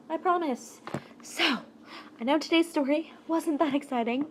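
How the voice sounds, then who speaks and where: High-voiced animated woman storyteller. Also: unhurried. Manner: animated, expressive, jokey. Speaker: storyteller vlogger. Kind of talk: casual storytime narration.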